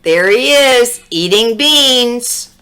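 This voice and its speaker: A woman reading a children's storybook aloud, expressive and drawn-out, with little asides to the listener. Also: fairly high pitch, clear, resonant tone.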